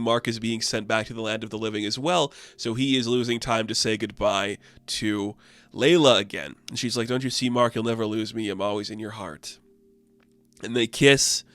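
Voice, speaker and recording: A man's voice: medium pitch, fairly bright tone, clear, resonant tone, dry recording. A man casually reviewing a comic book in a rambling, offhand way, full of fillers.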